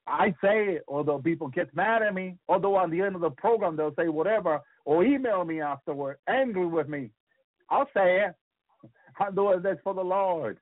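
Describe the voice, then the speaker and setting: High-voiced man preaching over tinny radio. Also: animated, no room sound. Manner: fervent, with frequent hallelujahs and halting repeats. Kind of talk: sermon on scripture and visions. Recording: tinny phone-like radio sound.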